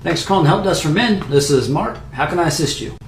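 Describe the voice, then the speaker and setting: A man's voice: a little high, lively intonation, fast, close to an everyday voice. A man playing a chipper help desk operator. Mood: cheerful. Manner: chipper, professional phone manner. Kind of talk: comedy sketch. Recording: echoey room with faint hiss.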